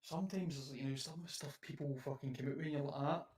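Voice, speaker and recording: A man's voice: medium pitch, steady tone, fast, darkish tone. A young Scottish man co-hosting a podcast, telling rambling anecdotes, acting out the quotes and laughing. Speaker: podcast co-host. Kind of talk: casual chat, storytelling.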